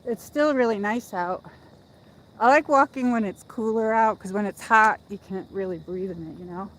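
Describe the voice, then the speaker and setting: A woman's voice: medium pitch, normal speed, fairly bright tone, a little hiss or hum, low-quality recording. Breathless woman chatting on a hill walk. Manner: rambling, chatty, talks to viewers while walking. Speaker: livestream host. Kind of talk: casual walking livestream chat. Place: outdoors on a hill in a lakeside park.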